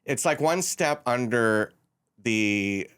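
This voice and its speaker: A man's voice: medium pitch, lively intonation, slow, fairly bright tone, clear, resonant tone, no room sound, clean studio sound. Rambling man, comedian guest. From San Francisco Bay Area. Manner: rambling, searching for words. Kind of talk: casual interview chat.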